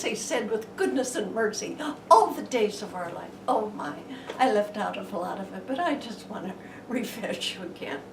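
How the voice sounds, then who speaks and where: A woman gives a folksy Bible lesson, slow and unhurried, now and then sinking to a hush. Her voice sits a little high. The sound is distant and roomy, with a faint hiss behind it. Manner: homey and chatty, dropping to hushed tones. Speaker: Bible teacher.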